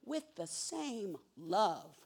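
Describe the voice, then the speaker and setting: A woman preacher delivers a fervent sermon at a mid-range pitch. She drops to near-whispers, then climbs into ringing, emphatic cries. She hammers home key words by repeating them. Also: big pitch swings, extremely slow, gravelly, breathy edge. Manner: swings from hushed whispers to loud emphatic cries.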